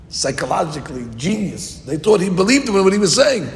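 A man giving an informal Torah class, telling the story lively acted-out voices. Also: a little high, normal speed, creaky. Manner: animated storytelling, acting out quoted voices. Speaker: Torah teacher. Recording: echoey hall with faint noise.

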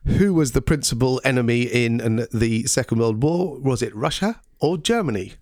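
A man's voice: mid-range voice, animated, normal speed, darkish tone, no room sound, studio quality. A man hosting a casual educational podcast, talking with frequent ums and quizzing his co-host.

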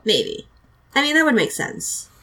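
A woman's voice: sits high, big pitch swings, a little slow, pushed and bright, low-quality recording. Giggly chatty woman podcast host. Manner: chatty, giggly, rambling with many fillers. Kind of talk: casual chat recapping an anime episode.

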